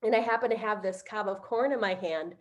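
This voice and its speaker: A middle-aged woman on a video call, telling a heartfelt personal story on a panel, halting with many fillers. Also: medium pitch, muffled recording. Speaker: conference panelist.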